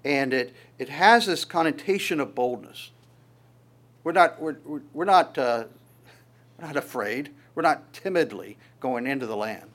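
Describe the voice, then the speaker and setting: A man preaching a sermon in a conversational way, with halting restarts and acted-out quotes. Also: medium pitch, animated, a bit bright.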